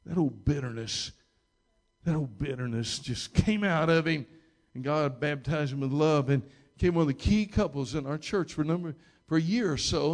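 Rambling, emphatic male pastor. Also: a little mellow. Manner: rambling, with many restarts and repeated words; emphatic, rising in pitch and volume at key moments. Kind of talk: storytelling sermon.

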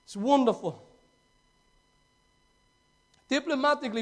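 A man preaching a fervent, storytelling sermon that swings from loud to hushed. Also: very high-pitched, moderate pace.

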